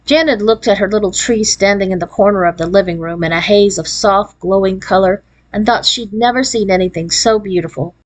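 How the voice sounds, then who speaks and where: A woman reads a children's chapter book aloud at a mid-range pitch. Her narration follows an expressive storybook cadence. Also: a little fast, hardly any pauses, rough recording.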